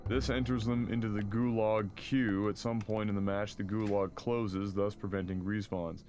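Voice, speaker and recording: A man's voice: lowish voice, flat delivery, normal speed, darkish tone. Joking man streaming a game, noisy audio. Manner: profane, jokey, reads with frequent fillers. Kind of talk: casual chat while gaming, reading news aloud.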